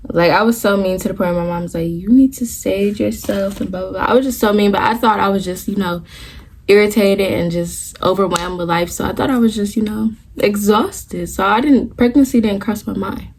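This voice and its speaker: With a mid-range voice and a little hiss or hum in the recording, a twenty-something vlogger chats through a casual story. She's candid and swears freely, speaking straight to viewers, wandering into run-on asides and starting the story over.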